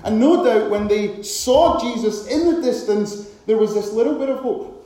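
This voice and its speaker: A man preaching a sermon with dramatic delivery, now and then acting out loud shouted cries. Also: sits high, moderate pace, hardly any pauses. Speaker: pastor. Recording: very echoey hall.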